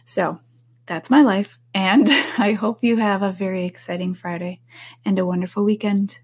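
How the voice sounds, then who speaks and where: A woman hosting a casual solo podcast, talking candidly and sometimes dropping into a soft whisper. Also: mid-range voice, fairly even intonation, moderate pace, slightly rough. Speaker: podcast host.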